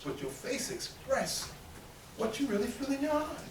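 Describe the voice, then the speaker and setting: A man preaching a sermon in call-and-response style, emphatic and lively. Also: very high voice, moderate pace. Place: temple meeting hall. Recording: roomy, distant audience recording with faint noise.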